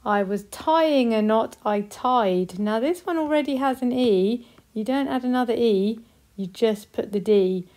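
A woman with a British accent teaching a recorded spelling lesson to young children, speaking slowly and clearly with encouragement. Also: fairly high pitch, a little mellow. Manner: slow, clear, encouraging, models example sentences. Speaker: primary school teacher.

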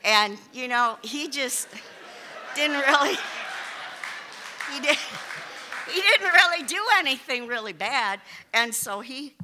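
Animated woman telling a funny story. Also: high voice, takes it slowly, pauses often, a crowd in the background, noisy background. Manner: animated, laughs often, exclaims. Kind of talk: live personal storytelling.

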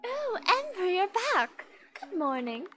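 A woman's voice: very high voice, very animated, a little slow, pushed and bright, voice pushed up, full character voice. A woman voicing a friendly, doting townswoman in a game, with a put-on American country accent and a chatty, sing-song manner. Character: friendly folksy female townswoman. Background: game music.

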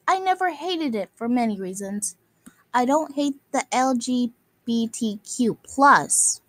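High-voiced woman in an angry rant. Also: no room sound. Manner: scolding, insulting, repeats itself. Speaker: video maker.

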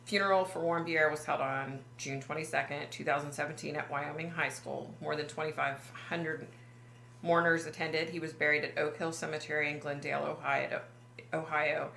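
A woman psychic vlogger retelling a dream in a halting, emotional way, full of fillers and restarts. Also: sits low, fairly even intonation, creaky, a bit bright, reverberant, a little hiss or hum. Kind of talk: personal vlog storytelling.

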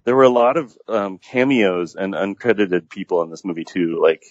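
A man's voice: low voice, moderate pace, no room sound. A man on a podcast who casually and animatedly retells movie scenes at length. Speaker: podcast guest. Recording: dull lo-fi audio.

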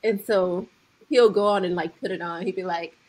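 A woman's voice: lowish voice, fairly even intonation, moderate pace, darkish tone, low-quality recording. A woman co-hosting a podcast in casual chat, playful, laughing and repeating words. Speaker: podcast co-host.

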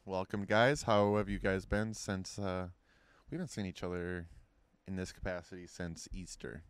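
Podcast co-host, man, lowish smooth voice, dry close sound, rambling jokey delivery. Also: steady tone, moderate pace, dry recording. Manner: joking, rambling, self-deprecating. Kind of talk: casual chat.

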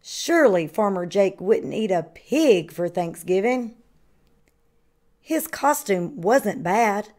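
A woman kindergarten teacher reading a picture book aloud to children with slow, expressive storytelling. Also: mid-range voice. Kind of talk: children's read-aloud narration.

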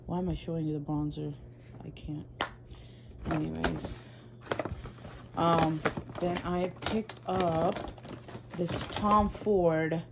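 A woman beauty vlogger chatting casually through a makeup haul, gushing and excitable. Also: sits low, takes it slowly, vocal fry, long pauses, very noisy.

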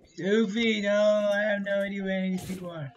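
A gaming creator doing casual let's-play commentary, excitable and slangy, blurting reactions and yelling at other players. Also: mid-range voice, fast talker, slight background noise. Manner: slangy gamer talk.

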